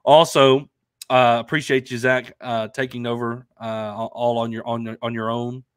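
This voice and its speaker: A man with a medium-pitched, smooth voice co-hosts a laid-back sports talk stream from home in Arkansas, using a remote stream microphone. His delivery is flat and measured, yet he's upbeat and chatty, leaning on fillers while sounding nasal and stuffed up from allergies. The audio is studio quality with no room sound.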